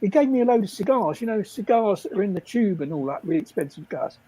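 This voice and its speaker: A man's voice: high-pitched, lively intonation, quick pace, dark tone, slightly rough, dry recording, rough recording. An older man, telling rambling stories in casual chat on a livestream, often laughing and acting out the people he quotes. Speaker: livestream guest storyteller.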